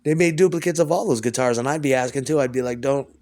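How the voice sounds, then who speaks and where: Man, mid-pitched, at home: loose, profane, rambling solo talk. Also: quick pace, darkish tone. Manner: profane, stream-of-consciousness rambling. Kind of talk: rambling monologue.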